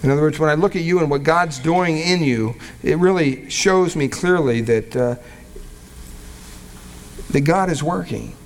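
Male pastor, fairly high voice, conversational verse-by-verse sermon, reads scripture slowly. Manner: conversational, with frequent restarts and fillers. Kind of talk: expository sermon.

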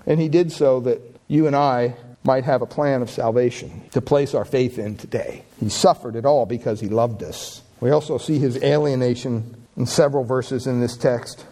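A man preaching a sermon with passion, reading scripture aloud and rising in pitch and volume on key lines. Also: steady tone, moderate pace. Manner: impassioned preaching, swells louder and higher on key lines.

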